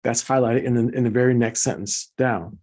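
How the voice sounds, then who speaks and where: Here a man speaks in a mid-range, steady, slightly mellow voice at a somewhat quick pace. As host of a laid-back online product presentation, he energetically moves through slides, repeats words for emphasis, and refers to viewers as folks.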